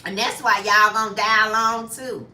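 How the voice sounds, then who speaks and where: Woman doing a bitter, scolding middle-aged man, slow, in an echoey room. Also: mid-range voice, level tone, sharp tone, recorded from a distance.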